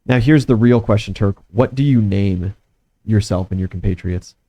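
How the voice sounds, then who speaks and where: A man's voice: fairly low pitch, moderate pace, mellow. Man running a tabletop game. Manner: teasing, leading questions. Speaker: game master.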